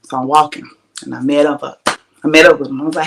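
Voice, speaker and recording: A woman hosting a podcast, telling a story in an animated, casual way, with plenty of swearing and frequent laughs. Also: low-pitched, moderate pace, creaky, pauses often. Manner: animated, profane, laughs often. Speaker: podcast host.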